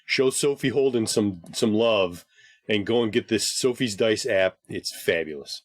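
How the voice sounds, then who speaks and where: A man's voice: on the low side, a little slow, no echo, clean studio sound. A man co-hosting a gaming podcast in casual chat, upbeat and steering the show along. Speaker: podcast co-host.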